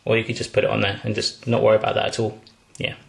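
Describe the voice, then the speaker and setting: A man's voice: on the low side, monotone, rapid-fire, gravelly, roomy sound. A man chatting playfully while cooking in his home kitchen, full of cheeky asides. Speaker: cooking vlogger. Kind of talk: jokey cooking video chat.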